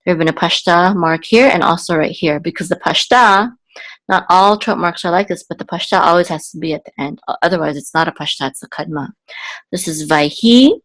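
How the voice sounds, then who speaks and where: A woman teaches how to read Biblical Hebrew, explaining slowly with fillers and self-corrections before chanting the marks in a higher, sung voice. Her tone is fairly bright, and the audio is poor.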